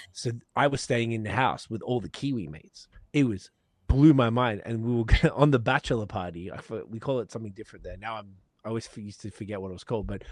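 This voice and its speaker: A man's voice: lowish voice, darkish tone, no echo. A man from Australia co-hosting a podcast, chatting casually over beers and telling stories with laughter and swearing. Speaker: podcast co-host.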